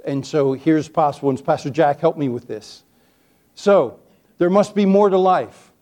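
A man's voice: on the high side, lively intonation, measured pace, a little mellow. A middle-aged man giving a folksy sermon, telling stories and joking with his listeners. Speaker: preacher teaching on testimony.

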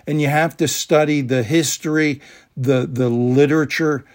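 Male preacher, slightly high voice, emphatic sermon delivery with repeated key words. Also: steady tone, moderate pace.

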